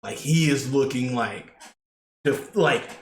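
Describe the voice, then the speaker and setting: A medium-pitched male co-host takes his time chatting about wrestling on a podcast. He rambles casually with lots of fillers and restarts. The recording has room echo and faint noise.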